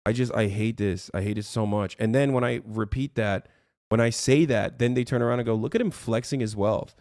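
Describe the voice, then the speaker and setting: A man's voice: on the low side, fairly even intonation, a little fast, darkish tone, dry recording, clean studio sound. A man ranting on his livestream, heated and profane, rambling as he talks to his chat from his streaming room.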